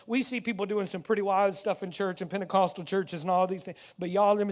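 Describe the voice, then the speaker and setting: A man with a Southern US accent delivers a theatrical first-person sermon in a church, telling the story as if he lived it. His voice sits high for a man. He drops to near-hushed tones, then climbs to shouted peaks. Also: fairly even intonation, quick pace, few pauses. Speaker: preacher. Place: church sanctuary.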